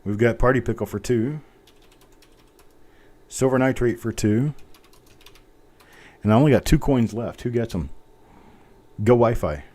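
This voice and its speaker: A man's voice: mid-range voice, normal speed, pauses often, warm tone. A man hosting a live coin auction stream, chatting casually, poking fun at himself and reading out bidders while he types. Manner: chatty, self-mocking, reads out bidders while typing.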